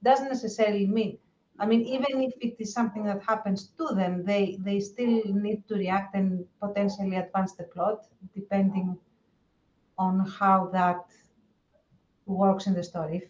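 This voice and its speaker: A woman with a noticeable accent talks through an idea on a podcast, pausing and restarting as she works it out. Her pitch sits in an ordinary middle range. The audio is slightly dull and lo-fi. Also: steady tone, a little mellow, echoey room. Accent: non-native English accent. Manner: thoughtful, hesitant restarts. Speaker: podcast co-host. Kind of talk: casual chat.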